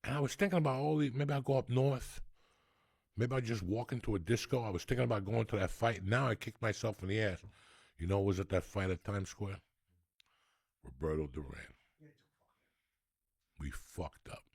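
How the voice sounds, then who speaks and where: A deep male voice with vocal fry and a breathy edge comes through clean studio sound with no room noise. He's a podcast host in his 60s, animatedly rambling through profane comic stories in a comedy rant.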